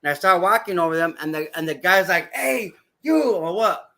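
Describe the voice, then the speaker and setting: A man with a high, bright voice tells stories for a podcast. He is animated and acts out what other people said. He swears freely as he goes. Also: a little fast. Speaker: wrestling referee, guest. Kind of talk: casual podcast storytelling.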